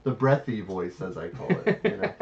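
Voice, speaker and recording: A man's voice: fairly low pitch, normal speed, crowd noise. A middle-aged man co-hosting a board game podcast, telling stories in casual chat and acting out quoted voices. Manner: animated storytelling with quoted asides. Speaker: podcast co-host. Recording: distant dull podcast audio.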